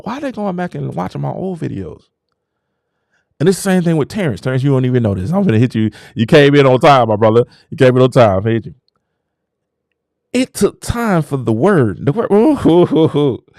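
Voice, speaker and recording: A man's voice: mid-range voice, sing-song, brisk, a little mellow, no echo, studio quality. A man hosting his own show, talking in a casual motivational monologue that turns preachy and exclamatory as he hypes himself up. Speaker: show host.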